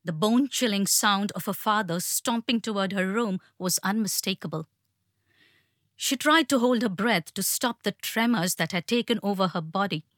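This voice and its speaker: A woman narrating an audiobook in a measured, tense storytelling manner. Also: medium pitch, a bit bright, dry recording, studio quality.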